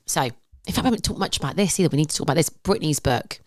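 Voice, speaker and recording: A woman's voice: low voice, expressive, darkish tone, dry recording, studio quality. An English woman co-hosting a podcast, bantering and reacting in casual chat. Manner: chatty, quick reactions and banter. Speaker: podcast co-host.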